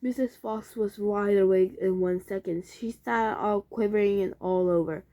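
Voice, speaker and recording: A woman reading a children's book aloud, slowly and carefully, with occasional slips and restarts. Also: medium pitch, steady tone, warm tone. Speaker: reader.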